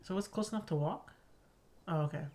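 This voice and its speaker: A woman's voice: on the low side, fairly quick, a little mellow. A woman streamer chatting casually and reacting aloud while she plays a story game. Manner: chatty, reacts aloud, asks questions to herself. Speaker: gaming streamer. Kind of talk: let's play commentary and reading game text aloud. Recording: game music playing behind.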